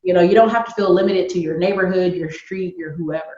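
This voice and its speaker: A woman guest telling stories in a casual interview, animated and acting out the voices of people she quotes. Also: on the low side, fast, reverberant, lo-fi sound. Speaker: guest, YouTuber and entrepreneur.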